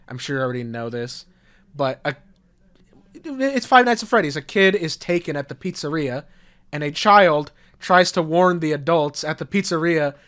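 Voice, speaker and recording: A young man co-hosting a podcast, telling stories animatedly, swearing and acting out what people said. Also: a little high. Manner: animated storyteller, swears, acts out quotes. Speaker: podcast co-host. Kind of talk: casual podcast chat.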